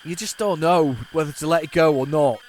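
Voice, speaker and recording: A man's voice: a little high, brisk, a little mellow, slight background noise, low-quality recording. A man hosting a retro gaming video, chatting casually to viewers as he rambles, stumbles and restarts his sentences. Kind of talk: casual running commentary.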